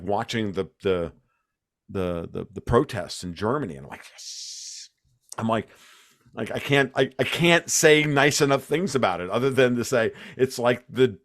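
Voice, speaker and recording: Recorded dry with studio quality, an American man of medium pitch speaks as an interview guest. His conversation is animated: he rants emphatically about his opinions and keeps restarting what he's saying.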